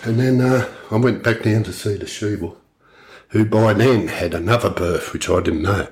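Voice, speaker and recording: A man's voice: lowish voice, normal speed. A man co-hosting a podcast, telling a story bluntly and swearing heavily as he goes. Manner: blunt, heavy swearing, animated retelling. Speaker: podcast co-host. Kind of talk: casual storytelling chat.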